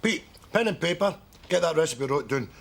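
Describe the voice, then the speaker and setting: A brisk Scottish pensioner, husky. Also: male voice, a little high, animated. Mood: bossy. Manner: brisk, giving orders.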